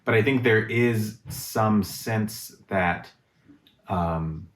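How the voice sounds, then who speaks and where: Deep-voiced man, thoughtful and roomy. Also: extremely slow. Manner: thoughtful, searching for words. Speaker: guest in a conversation on relationships. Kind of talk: reflective casual conversation. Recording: roomy echo.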